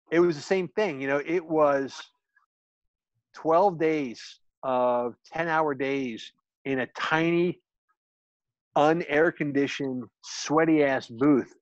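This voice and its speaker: A man's voice: fairly high pitch, slow, dry recording. A man with a somewhat raised voice rambles candidly through his stories on a group video call. The sound is dry and a bit muffled, close to the mic with no room around it. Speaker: author and guest. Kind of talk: casual group chat.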